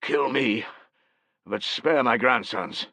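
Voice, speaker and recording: A man voicing a frail, croaking old man in his eighties who speaks slowly and pleads for his grandsons. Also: mid-range voice, pushed and bright, no room sound, voice pushed up, full character voice. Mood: pleading.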